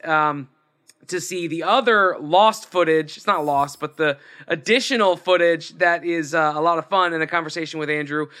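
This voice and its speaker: A man's voice: on the high side, sharp tone. A man hosting a podcast, running through a casual, friendly outro with plugs and self-deprecating jokes. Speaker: podcast host.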